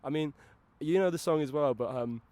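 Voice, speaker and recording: A man's voice: fairly high pitch, brisk, darkish tone. A young English man in his twenties, chatting casually on a podcast in a rambling way, often laughing and saying "like". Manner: rambling, laughing, heavy filler "like". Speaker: podcast co-host. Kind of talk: casual chat.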